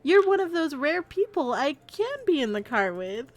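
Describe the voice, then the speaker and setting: Woman doing a nervous, sarcastic young heroine for a visual novel read-through, higher voice. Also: very animated, normal speed, soft background music. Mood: pleading.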